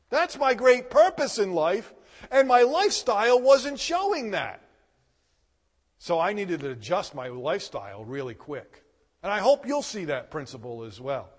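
A man preaching a sermon, telling a personal story with emphatic, animated delivery and loud bursts. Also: very high voice, long reverb tail. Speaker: pastor.

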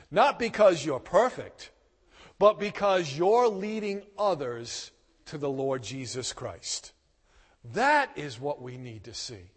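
A man preaching a sermon, telling a personal story with emphatic, animated delivery and loud bursts. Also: high-pitched, in a large hall. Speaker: pastor.

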